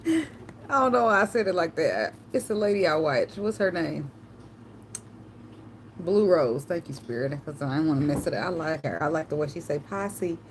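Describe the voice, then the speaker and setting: Female tarot reader, AAVE, low pitch, chatty tangents, faint room noise. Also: expressive, moderate pace. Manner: chatty, tangential, slangy, swears and laughs. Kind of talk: casual channeled tarot reading.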